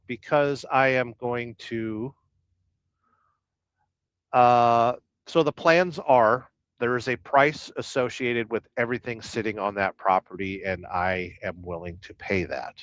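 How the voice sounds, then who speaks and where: A man hosts a laid-back livestream from his truck, rambling, joking, and reading viewer comments out loud. His voice is medium-pitched, unhurried, and fairly bright. The recording has no room sound and the high frequencies are cut off.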